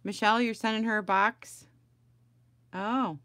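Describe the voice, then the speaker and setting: A woman's voice: mid-range voice, animated, normal speed, a bit bright, no room sound. A middle-aged woman chatting casually on a home crafting livestream, rambling and greeting viewers by name.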